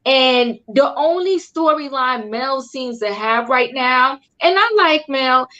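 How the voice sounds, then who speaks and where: A woman's voice: on the high side, fairly bright tone. A woman hosting a casual recap chat, chatty and emphatic, often repeating herself. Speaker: host.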